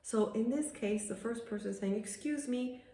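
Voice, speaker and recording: Woman doing a lesson video, chatty, explains slow and patient, echoey room. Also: on the high side, warm tone, a little hiss or hum. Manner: explains patiently, reads example sentences slowly and clearly; chatty, laughs at her own examples. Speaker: Italian language teacher.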